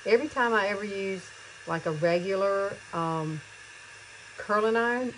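A woman over fifty chatting excitedly to viewers as she curls her hair, in a casual tutorial. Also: mid-range voice, moderate pace, a little hiss or hum, poor audio. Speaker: beauty vlogger.

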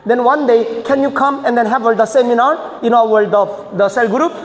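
High-voiced man preaching in echoey hall. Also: moderate pace. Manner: choppy non-native phrasing, emphatic bursts. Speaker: senior pastor. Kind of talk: teaching seminar sermon.

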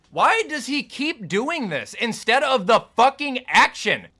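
A young man commenting on his own gameplay, swinging between shouted cursing outbursts and low muttered asides. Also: very animated, unhurried, a faint crowd. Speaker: gaming YouTuber.

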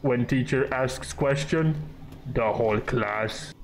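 A man giving casual, joking gameplay commentary, swearing and reacting loudly while he plays. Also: medium pitch, slow. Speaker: gaming YouTuber. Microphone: scuffed mic. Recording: game music behind.

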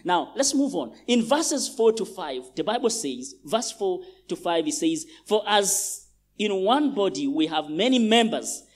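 A man's voice: high-pitched, very animated, unhurried. A male pastor from Uganda preaching a sermon in a large church, emphatic and repeating phrases for stress.

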